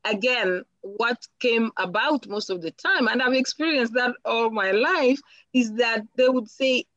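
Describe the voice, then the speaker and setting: A woman from Africa with a somewhat high, slightly bright voice talks a little slowly. There's no room sound and the highs are cut off. She reflects earnestly as a guest in a personal interview, often repeating words while thinking.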